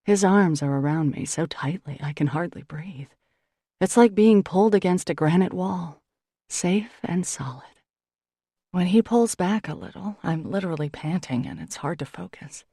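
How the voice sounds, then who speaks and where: A woman narrating a novel in the first person, with intimate, measured storytelling recorded on a close studio mic. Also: on the low side, warm tone, husky, dry recording. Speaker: audiobook narrator.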